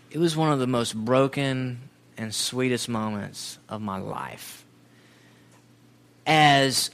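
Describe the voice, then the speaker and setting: A man from Southern Alabama with a Southern accent, telling a personal testimony in a sermon-style talk, storytelling and animated, then quieting into reflection. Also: medium pitch, takes it slowly, gravelly, pauses often. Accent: Southern American (Alabama). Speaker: speaker giving a testimony.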